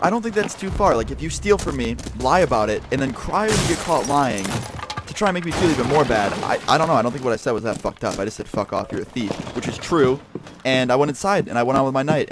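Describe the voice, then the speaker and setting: A young YouTuber man tells a story in a rapid, animated rush, swearing freely. His voice sits at an ordinary male pitch. Clear gunshots and clicks from a shooter game run underneath. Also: background noise. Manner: animated, profane, heavy swearing. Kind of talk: casual storytelling over gameplay. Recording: game sounds and gunfire behind voice. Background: gunfire and clicks from a game.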